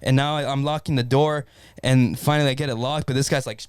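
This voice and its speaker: A man in a casual podcast chat, telling a story in an animated way and swearing constantly. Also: mid-range voice, fast, clean tone, no room sound, clean studio sound. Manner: animated, swears constantly, acts out his own panic. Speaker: podcast co-host.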